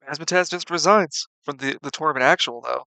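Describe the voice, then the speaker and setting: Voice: medium pitch, a little fast, vocal fry, pushed and bright, no echo. Blunt, swearing game master. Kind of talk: narrating a tabletop game.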